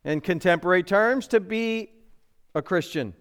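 High, resonant male preacher. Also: normal speed, a bit bright. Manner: emphatic preaching with rhetorical questions to the congregation. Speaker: pastor. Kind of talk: sermon. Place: church sanctuary.

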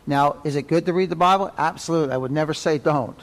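A man's voice: fairly high pitch, quick pace, big-room sound. A man teaching a Sunday school Bible class in a folksy, conversational way, repeating key phrases and checking in with "right?".

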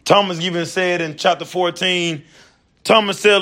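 A man preaching a folksy, animated sermon in a nursing home, talking straight to his listeners. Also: high voice, normal speed, distant mic. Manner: animated, folksy, talks directly to the audience. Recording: echoey room, recorded from afar.

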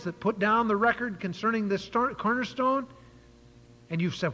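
A man's voice: high voice, lively intonation, normal speed, sharp tone, slightly rough. A man preaching a sermon, retelling a Bible story and explaining words with frequent fillers. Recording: dull lo-fi church hall recording.

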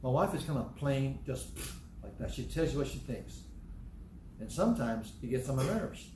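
A man with a Southern American accent preaches in a relaxed, folksy manner, mixing in personal asides. His voice sits at an ordinary middle pitch. The room around him is echoey, with a faint hum of noise behind. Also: moderate pace. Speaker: pastor. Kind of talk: sermon.

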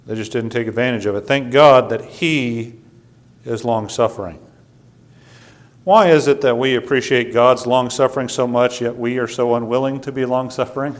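Stammering preacher man, loud then hushed. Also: medium pitch. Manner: stammering restarts, swings from loud to quiet. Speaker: pastor. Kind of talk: sermon. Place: church sanctuary.

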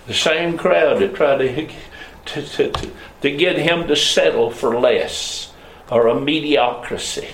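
A man's voice: measured pace, slight background noise. Fields: man preaching in an echoey hall. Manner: preaching with sharp swings between loud high calls and low murmurs. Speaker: pastor. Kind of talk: sermon. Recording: echoey room, voice from a distance.

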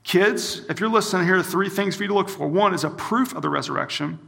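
High, gravelly-voiced campus minister preaching in a hall. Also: male voice, fast talker, bright, forceful tone. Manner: storytelling, acts out quoted dialogue. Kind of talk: sermon.

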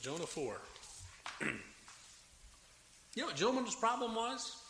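A man preaching a sermon with a Southern American accent, animated and dramatic, raising his voice as he acts out the complaints of biblical figures. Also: high-pitched, slow pace. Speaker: pastor. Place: church sanctuary. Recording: echoey hall with faint room noise.

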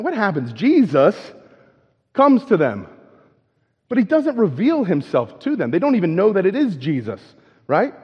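Male preacher, chatty sermon, keeps asking "right?", light high voice, muffled lo-fi sound. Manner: conversational, checks in with "right?" often; repeats and restarts as he goes. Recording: dull lo-fi with long hall reverb.

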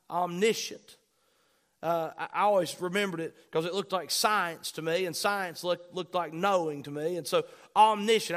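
A man preaching a sermon, repeating key phrases for emphasis and reading scripture slowly. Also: high voice, fairly bright tone.

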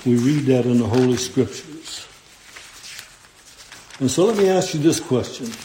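A man preaching a sermon, slow and deliberate, quoting scripture in old-fashioned phrasing. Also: mid-range voice, dark tone, reverberant, slight background noise.

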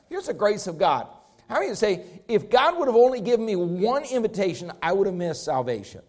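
A man with a notably high voice delivers a sermon. He speaks with an emphatic preaching cadence, swinging up and down in pitch and loudness to drive his points home. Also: big pitch swings, a little fast. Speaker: pastor.

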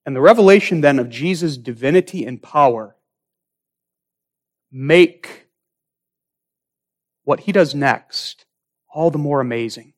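A man preaching a sermon, reading scripture slowly and dramatically, swelling on key words and dropping to a hush. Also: on the high side. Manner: slow, dramatic delivery with emphatic swells and hushed drops.

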